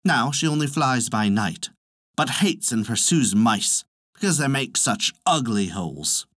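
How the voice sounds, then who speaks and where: A man narrating a folk tale as a storyteller, expressive and animated. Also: mid-range voice, measured pace, dry recording, clean studio sound.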